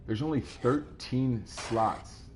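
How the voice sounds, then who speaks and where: A man's voice: medium pitch, slow pace, a little mellow, slight background noise. A man casually chatting with viewers while he plays a game live, easygoing and rambling as he answers their comments. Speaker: streamer playing a game live.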